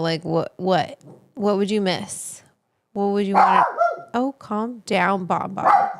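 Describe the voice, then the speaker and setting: A woman's voice: medium pitch, vocal fry, dry recording. Chatty giggly woman, dry sound. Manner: chatty, giggly, loose, swears freely. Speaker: livestream host. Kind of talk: casual live reaction commentary.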